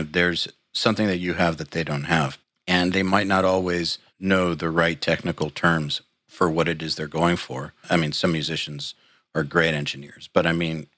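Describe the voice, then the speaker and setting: Male interviewer, very deep voice, measured and agreeable, dry close sound. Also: pushed and bright, no room sound. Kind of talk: casual interview talk.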